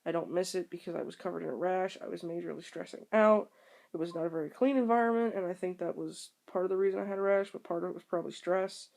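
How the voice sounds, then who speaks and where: A woman's voice: on the low side, quick pace, gravelly, darkish tone. A young woman talking casually to the camera at home, rambling and candid with many ums and restarts. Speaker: vlogger.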